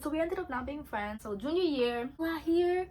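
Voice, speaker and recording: A young woman, chatting in an animated, slangy way as she tells a story during her skincare routine. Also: sits high, normal speed. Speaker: beauty vlogger.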